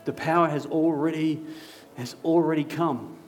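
Storytelling pastor, slightly high voice. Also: male voice, fairly even intonation, soft background music. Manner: vivid storytelling with dramatic pauses. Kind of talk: sermon. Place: church hall.

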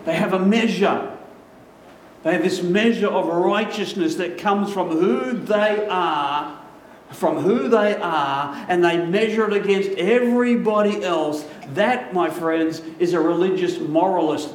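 A male pastor delivers an emphatic sermon, often slowing down and repeating phrases to drive them home. His voice sits high for a man. It rings through a roomy hall, caught by a mic set some distance away, with a faint hiss underneath.

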